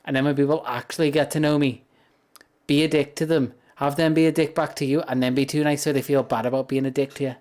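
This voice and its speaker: A man's voice: on the high side, steady tone, quick pace, a little mellow. Rambling British man streaming a game. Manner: rambling, self-amused, laughs often. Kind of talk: casual chat while gaming. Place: home streaming setup.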